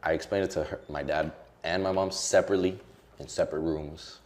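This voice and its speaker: A man's voice: extremely low pitch, fairly even intonation, fairly quick. A young man, a social media creator, talking candidly and emotionally in an interview, with lots of casual fillers. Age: young adult.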